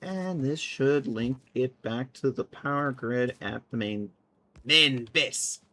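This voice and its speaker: A woman's voice: extremely low pitch, slow, sharp tone. A woman casually chatting and thinking aloud while she plays a game on a live stream, sometimes mocking herself. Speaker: livestreamer.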